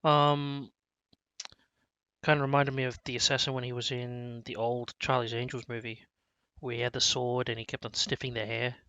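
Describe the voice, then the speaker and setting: A man's voice: medium pitch, level tone, moderate pace, pushed and bright, smooth, no room sound. A man co-hosting a casual movie review chat, rambling with many restarts and fillers. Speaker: podcast co-host.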